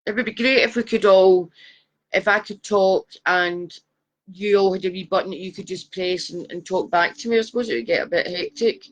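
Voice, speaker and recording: A woman's voice: mid-range voice, brisk. Chatty woman psychic. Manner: chatty and affectionate, calls viewers darling. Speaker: psychic giving readings. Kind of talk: live-stream chat reading viewers' photos.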